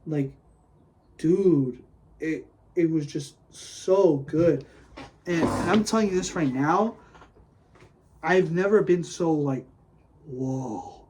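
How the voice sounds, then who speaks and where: A man hosting a casual solo podcast, rambling excitedly with lots of "like" and "dude", gushing one moment and griping the next. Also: a little high, slow pace, long pauses, a little hiss or hum, low-quality recording. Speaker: podcast host.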